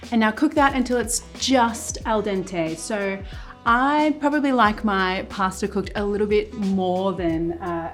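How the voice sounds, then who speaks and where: A woman hosting a casual cooking demonstration, chatting through each step as she cooks in a kitchen. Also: mid-range voice. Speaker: cooking show host. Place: home-style kitchen, cooking at the stove. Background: sizzling pan and soft music.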